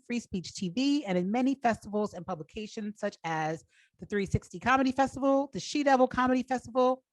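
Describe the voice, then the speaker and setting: A woman hosting a comedy show, reading out the next comic's credits in a brisk, upbeat way. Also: on the high side, dry recording, low-quality recording. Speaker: comedy competition host. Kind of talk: introducing comedians.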